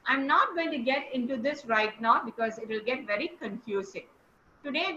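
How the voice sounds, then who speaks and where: A woman coaching speech on a video call encourages her class as she quizzes them. Her voice sits high, sounding pushed and bright, over call audio that's echoey and a bit dull with a touch of hiss or hum.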